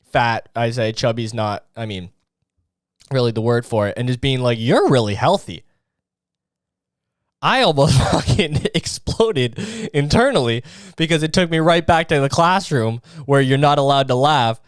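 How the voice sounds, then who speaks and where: Smooth-voiced young man rambling comedically. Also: mid-range voice, dry recording, clean studio sound. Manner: rambling, profane, full of fillers. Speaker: podcast host. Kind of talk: comedic podcast monologue.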